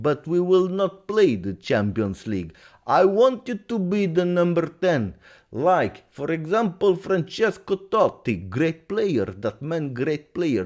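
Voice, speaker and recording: A pushy, self-praising football coach with a mock Russian accent, put on by a man. He talks in broken English, raised and louder than the performer's own voice, with pitch that leaps around. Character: boastful famous male football coach, pushy and grandiose.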